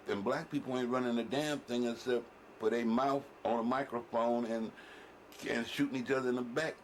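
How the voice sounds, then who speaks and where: A man's voice: mid-range voice, slight background noise. A man giving blunt, profane commentary in heavy slang. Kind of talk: heated street-talk commentary.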